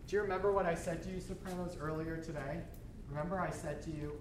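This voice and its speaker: Animated male choir director teaching. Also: a little high, quick pace, background noise. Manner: animated, demonstrates by singing phrases. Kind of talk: choral workshop teaching.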